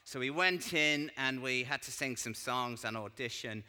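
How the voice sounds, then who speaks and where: Bright-voiced man preaching in a hall. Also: medium pitch, normal speed, smooth. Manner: chatty, self-deprecating storytelling. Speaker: church speaker. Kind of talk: informal sermon talk. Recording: long hall reverb.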